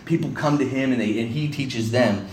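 A man's voice: mid-range voice, moderate pace, darkish tone. A man preaching an expository sermon in a church hall, talking conversationally with frequent restarts and voicing the people he quotes. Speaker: pastor. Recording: echoey room, faint hiss.

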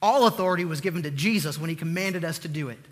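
A man preaching a sermon, earnest and emphatic, repeating key points with slow deliberate pauses. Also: on the high side, long reverb tail.

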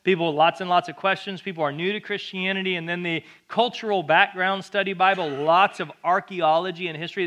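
A man preaching a sermon as pastor, in an energetic, conversational way with jokes. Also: on the high side, highs cut off.

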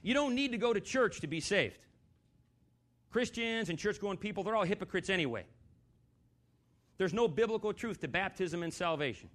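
A man's voice: high-pitched, animated, moderate pace, pauses often, a bit bright. A man preaching a sermon in a church, talking conversationally, putting questions to the congregation and slipping in dry, sarcastic humor.

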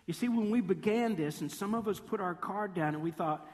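A man preaching a sermon, telling the story in a lively way, acting out quoted voices and slipping in playful sarcasm. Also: sits high, fairly quick. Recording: long reverb of a large hall.

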